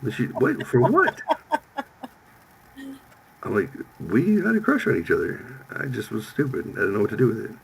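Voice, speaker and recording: Male podcast host, 50s, low gravelly voice, lively swings in pitch, faint background noise. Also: moderate pace, long pauses, rough recording. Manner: profane, animated storytelling with quoted voices. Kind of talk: casual storytelling chat.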